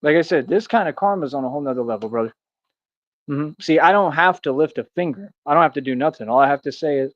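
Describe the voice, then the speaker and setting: A man's voice: a little high, fast talker, no room sound, muffled recording. A man ranting to his live chat in a boastful, preachy and confrontational way. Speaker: streamer. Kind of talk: live-stream rant to chat.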